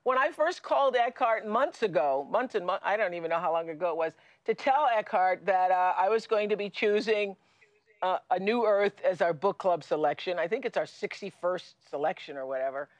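A middle-aged woman hosting a studio talk show, telling stories in a lively way with frequent restarts. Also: lowish voice, a little fast, dry recording. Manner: lively and storytelling, with many restarts and laughs. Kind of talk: studio conversation with a guest. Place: television studio.

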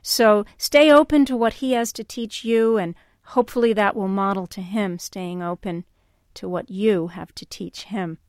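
A woman hosting a call-in radio show, speaking in a calm and reflective way and telling stories. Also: mid-range voice, moderate pace, no room sound, clean studio sound.

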